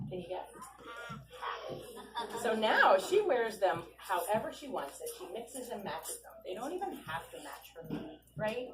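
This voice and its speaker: A woman's voice: medium pitch, a little slow, distant mic, music in the background. A woman author doing a storytime reading for children at an ice cream shop, coaxing them with questions. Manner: animated, coaxing, keeps asking the kids questions. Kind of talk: read-aloud storytime with children. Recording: echoey shop room, voice from afar, clear chatter.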